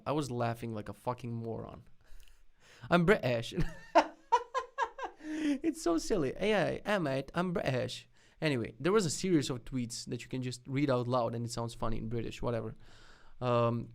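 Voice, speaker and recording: A young man runs a live web development stream, reacting to links with excited outbursts and plenty of swearing. His voice is smooth and resonant with a gravelly rasp at the ends of phrases. He sounds loose and unscripted. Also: medium pitch. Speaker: streamer host.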